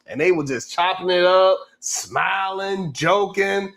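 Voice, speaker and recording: A man hosting a comedic show, recapping online drama in an animated, laughing storytelling way. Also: high voice, slow pace, creaky, hardly any pauses. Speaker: host.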